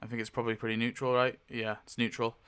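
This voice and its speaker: A man's voice: mid-range voice, monotone, fast talker, fairly bright tone, smooth. A man playing a tabletop roleplaying game solo, talking it through casually and thinking aloud with many fillers and self-corrections. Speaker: solo game player narrating.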